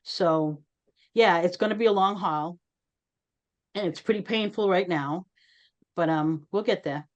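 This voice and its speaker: A woman with a slightly low voice leads an online community meeting in an earnest, conversational way. She speaks over a video call and turns to participants by name. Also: a little slow, long pauses, lo-fi sound. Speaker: host.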